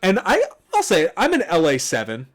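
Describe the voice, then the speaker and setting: A man's voice: high-pitched, huge pitch swings, normal speed. A man co-hosting a podcast movie watchalong, telling stories in casual, profane chat and laughing often. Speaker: podcast co-host.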